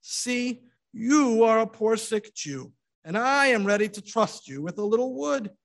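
A rabbi in peasant disguise, coaxing and homespun, his voice raised a little higher than usual, as a man acts him out in a told story. He talks plainly and with rough warmth. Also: animated, a little slow, heavily acted. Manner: coaxing, rustic peasant speech.

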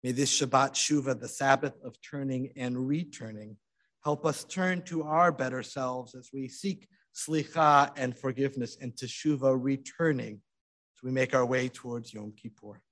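A man telling a story as part of a sermon, with dramatic, hushed, expressive delivery. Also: medium pitch, moderate pace.

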